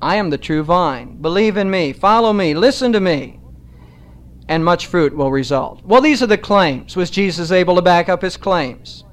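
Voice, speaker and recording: A man preaching a sermon in a measured, emphatic way, slowing down to stress key phrases. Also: high-pitched, expressive.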